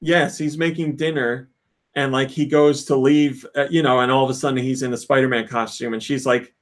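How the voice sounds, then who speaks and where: A man in a mid-range voice hosts a casual podcast, briskly retelling video game scenes as an animated storyteller, laughing and acting out the lines.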